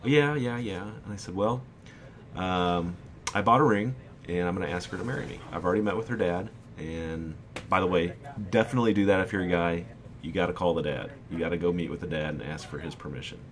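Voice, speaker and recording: A man in his twenties casually telling a personal story over gameplay, candid and animated, often quoting what people said. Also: deep voice, fairly quick. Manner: candid, animated retelling with quoted dialogue. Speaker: gaming YouTuber.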